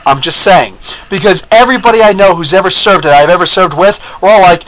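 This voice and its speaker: A man hosting a podcast, talking in a rambling, blunt and animated way, telling stories and often checking in with his listeners. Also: sits high, quick pace, low-quality recording. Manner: rambling, animated, keeps asking "you know what I'm saying?"; blunt and opinionated. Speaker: podcast host. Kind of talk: casual opinion monologue with storytelling.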